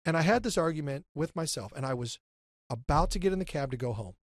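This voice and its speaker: Fast-talking, animated middle-aged man storyteller. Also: fairly high pitch, no room sound, studio quality. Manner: animated, acts out his inner argument. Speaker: guest. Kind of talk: storytelling in an interview.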